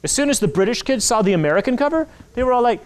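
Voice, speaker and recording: A man in his forties giving an animated talk to children at a library, acting out the voices in his stories. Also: extremely high pitch, racing. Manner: animated storytelling, acts out quoted voices. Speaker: author speaking to kids. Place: public library hall. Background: audience of children.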